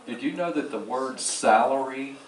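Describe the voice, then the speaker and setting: A man from New Orleans with a Southern accent gives a slow, folksy lecture on a cruise ship and drops joking asides. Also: mid-range voice, slight background noise. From New Orleans, Louisiana. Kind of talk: slide lecture to an audience. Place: large ship lecture hall. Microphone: far from the recording mic. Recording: echoey hall taped from far off.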